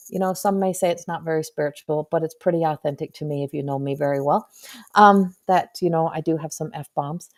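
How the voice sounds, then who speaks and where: A woman's voice: lowish voice, a little mellow. A woman hosting a live stream as a spiritual medium, talking in a chatty, earnest and frank way, with playful swearing.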